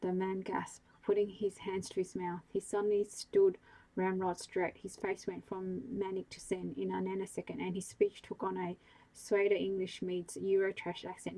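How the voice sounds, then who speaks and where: Ruhige Vorleserin mit knarzender Stimme. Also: female voice, medium pitch, monotone, moderate pace, warm tone, rough recording. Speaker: sleep story narrator. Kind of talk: bedtime audiobook reading.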